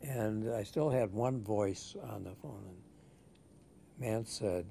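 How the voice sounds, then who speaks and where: An older man is interviewed for an oral history, speaking in a measured, thoughtful way and often restarting. His mid-range voice is gravelly and a little mellow, with a breathy edge.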